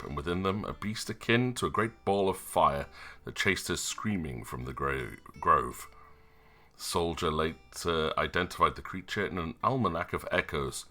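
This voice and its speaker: A man's voice: deep voice, pushed and bright. A man giving live, chatty, sarcastic commentary while streaming a video game. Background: game music.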